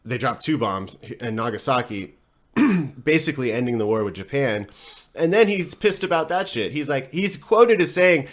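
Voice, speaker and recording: A podcast host retells a story casually, rambling and swearing, with many fillers and frequent chuckles. His medium-pitched voice has lively intonation at a normal speed.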